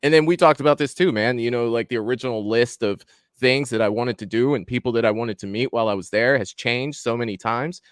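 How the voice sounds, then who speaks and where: Excited, swearing horror-channel host man. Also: mid-range voice, a little fast, no echo, studio quality. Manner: excited, rambling, swears freely. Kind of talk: casual live-stream chat.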